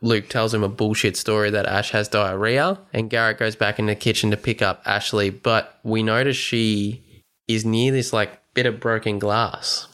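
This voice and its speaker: A man co-hosting a podcast, excitedly retelling a movie plot in casual chat and swearing freely. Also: lowish voice, moderate pace, smooth. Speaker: podcast co-host. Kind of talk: casual film recap chat.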